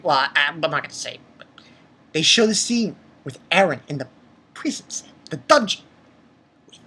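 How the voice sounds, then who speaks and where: Excitedly reviewing an anime episode, a woman talks in an animated way, throwing in exclamations and swearing. Her voice sits low.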